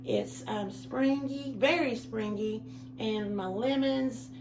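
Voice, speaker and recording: A middle-aged woman chatting warmly and rambling to her home-video viewers. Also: a little high, takes it slowly, music in the background. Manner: chatty, rambling, heartfelt, says y'all a lot. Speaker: home decor vlogger. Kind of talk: casual chat to camera. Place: at home, indoors.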